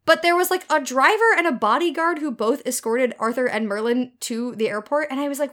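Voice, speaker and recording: A woman's voice: sits high, brisk, hardly any pauses, fairly bright tone. A woman in casual chat, talking loosely with many "like"s and quoting her own reactions. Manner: chatty, lots of "like" and quoted reactions.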